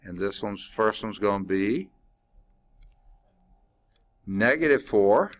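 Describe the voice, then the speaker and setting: Male math teacher, lower voice, relaxed lecture delivery, works problems aloud and quizzes the class. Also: takes it slowly. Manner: informal and chatty, with asides. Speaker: math instructor.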